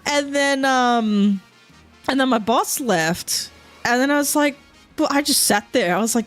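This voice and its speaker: A woman's voice: on the high side, moderate pace, faint music behind. A woman streamer chatting casually while playing a game at home, rambling, swearing often and laughing a lot.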